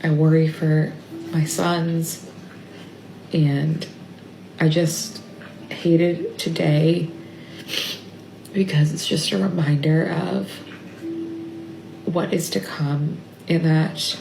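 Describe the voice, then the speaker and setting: Woman talking slowly to her phone, fry in her voice, tearful and halting, slipping into whispers. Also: deep voice, fairly even intonation, roomy sound, noisy background. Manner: halting, trailing off into near-whispers. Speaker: mother vlogging about family illness. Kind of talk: emotional personal video diary. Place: stepped away from her workplace.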